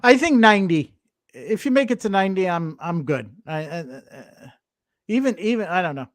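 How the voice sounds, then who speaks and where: A man co-hosting a casual chat show, teasing his partner with quick interjections. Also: high-pitched, lively intonation, dry recording. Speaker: podcast co-host. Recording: dry close sound.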